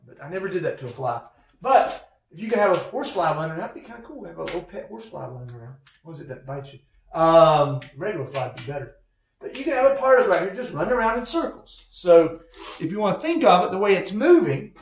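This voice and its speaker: A man teaching physics from home, talking casually and rambling into asides. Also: high voice. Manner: rambling, chatty, with many asides. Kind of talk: casual recorded lecture. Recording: echoey room, faint noise.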